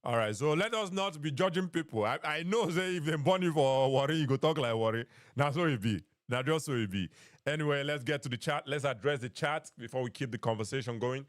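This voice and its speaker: A man's voice: medium pitch, brisk, dry recording, studio quality. Nigerian man hosting a call-in stream. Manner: Pidgin-mixed, repeats phrases. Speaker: podcast host. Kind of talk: live-stream call-in chat.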